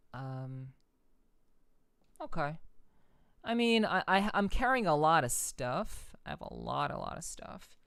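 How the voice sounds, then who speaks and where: A low-pitched woman hosts a casual game stream, her voice thick and stuffy from congestion. She greets viewers warmly and loosely, her lines full of fillers and doubled words, with faint noise in the background. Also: gravelly. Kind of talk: casual live-stream chat while gaming.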